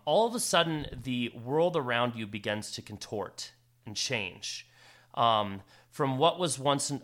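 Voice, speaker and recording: A man's voice: medium pitch, pushed and bright. A man narrating a tabletop fantasy game as game master, dramatic with some fillers. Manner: dramatic, with fillers and slow emphatic phrases.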